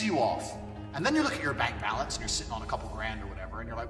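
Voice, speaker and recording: A man's voice: fairly low pitch, sing-song, racing, a bit bright, far from the mic. A man delivering a blunt, profane, emphatic monologue. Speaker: speaker giving a self-help rant. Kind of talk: ranting monologue. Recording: echoey hall, voice from afar, faint music.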